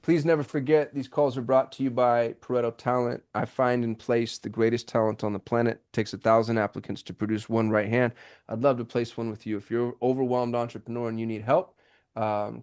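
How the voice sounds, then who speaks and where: A man hosting a live call-in business show, talking in an excitable, rambling way with many restarts over a video call. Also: mid-range voice, a little fast, clean tone. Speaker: host. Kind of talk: casual live show chat.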